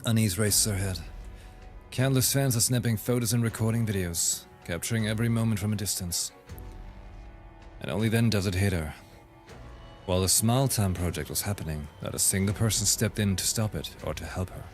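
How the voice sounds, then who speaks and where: A man's voice: lowish voice, a little fast, soft background music. A male streamer reading a game story aloud, with occasional laughing asides. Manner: reads narration evenly, laughs at jokes.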